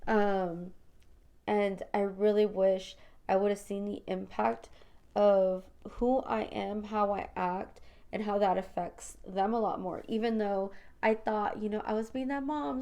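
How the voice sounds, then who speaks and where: A woman's voice: medium pitch, flat delivery, measured pace, a little mellow. Reflective woman hosting a spiritual podcast. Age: adult mother of school-age children. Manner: reflective and confessional, full of "you know" and "like"; talks straight to listeners as "you guys". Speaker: podcast host. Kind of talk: personal spiritual podcast monologue.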